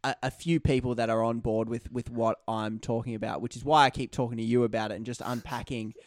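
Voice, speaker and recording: A man hosting a podcast, talking in an animated, ranting way and acting out quotes in casual chat. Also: mid-range voice, quick pace, dry recording, studio quality. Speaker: podcast host.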